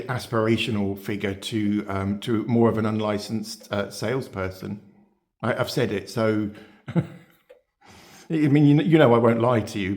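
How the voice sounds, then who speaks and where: A man's voice: on the low side, a little mellow. A man hosting his beauty channel, talking casually to viewers with lots of fillers, restarts and rhetorical questions. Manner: chatty, rambling, many fillers and restarts. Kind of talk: casual talk to camera.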